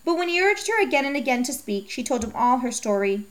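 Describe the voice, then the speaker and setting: A woman reads an old myth aloud in storybook style. Her voice sits a little high, and her reading is steady and measured. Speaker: narrator.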